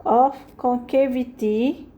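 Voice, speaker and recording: A woman with a high voice walks through a math lesson at an unhurried, careful pace. She keeps stopping to check in with "okay" and fixes her own slips as she goes, patient and methodical throughout. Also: steady tone, dull audio. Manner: slow and patient, repeats "okay" often; corrects herself mid-sentence. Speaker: math teacher.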